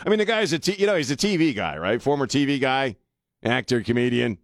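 A man's voice: mid-range voice, expressive, quick pace, no echo. Male talk radio host, blunt and sarcastic, rambling monologue, dry close studio sound.

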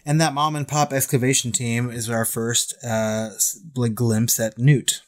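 A man's voice: medium pitch, flat delivery, a little slow. A man co-hosting a podcast, chatting enthusiastically about a film and laughing often. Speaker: podcast co-host. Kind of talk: casual film discussion.

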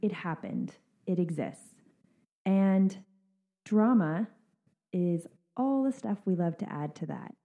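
Woman, podcast coach, fairly low voice, lively, casual, tinny phone-like audio. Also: slow pace. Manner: lively, laughs along, calls listeners out.

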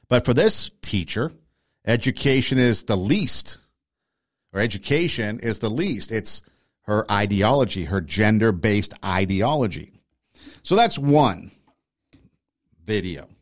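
A man's voice: on the low side, lively intonation, a little slow, pauses often. A man hosting a podcast, giving argumentative opinion commentary and speaking straight to his listeners. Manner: argumentative, addresses listeners directly. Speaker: podcast host.

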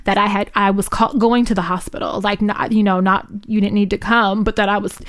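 A woman's voice: medium pitch, a little fast. A woman co-hosting a podcast, casually retelling a scary story with lots of swearing. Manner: swears freely, animated retelling. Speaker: podcast co-host.

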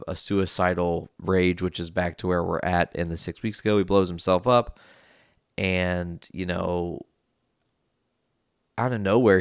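A man's voice: low-pitched, smooth, dry recording, clean studio sound. A man casually recapping a movie plot in a rambling way, with lots of fillers and frequent swearing. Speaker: movie reviewer.

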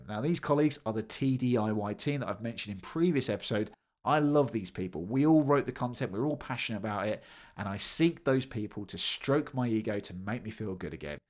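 Man, podcast host, casual storytelling, lively pitch, acts out voices. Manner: animated, acts out quoted voices.

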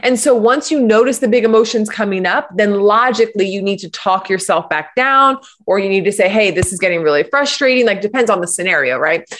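A woman guest in a conversation, telling stories and explaining ideas with animated enthusiasm. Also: medium pitch. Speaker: guest, parenting coach. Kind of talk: conversational interview.

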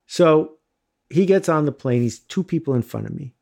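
Man, middle-aged, casual storyteller, lively and self-mocking, somewhat high-pitched. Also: normal speed, creaky. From United States. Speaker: guest telling an anecdote.

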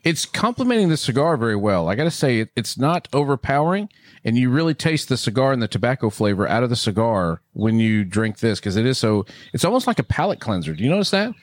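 A man's voice: mid-range voice, sing-song, fast, dry recording. A man co-hosting a casual podcast, playfully teasing while giving rambling tasting notes. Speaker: podcast co-host. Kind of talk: casual chat.

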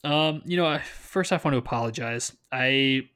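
A man's voice: medium pitch, normal speed, pushed and bright, smooth. A man co-hosting a casual fantasy football podcast, talking with dry sarcastic humor while he has the hiccups. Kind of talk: casual sports chat.

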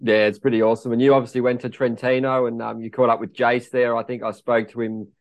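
Aussie bloke interviewer, quick flat talker, dry close sound, keeps saying mate. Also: male voice, medium pitch, no room sound. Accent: Australian. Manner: chatty, says "mate" a lot. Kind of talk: casual podcast interview.

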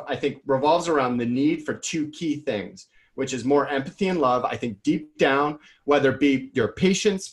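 A man in his thirties, a podcast guest and author, telling his story in a rambling, energetic way and acting out what people said. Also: mid-range voice. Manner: energetic, rambling, acts out quotes. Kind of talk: casual storytelling interview.

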